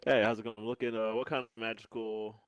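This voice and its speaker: A man's voice: on the low side, little pitch movement, fast talker, clear, resonant tone, no echo, lo-fi sound. A man taking his turn as a player in a tabletop game, stumbling and restarting often as he speaks in character. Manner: hesitant, stumbling, lots of ums and repeated words.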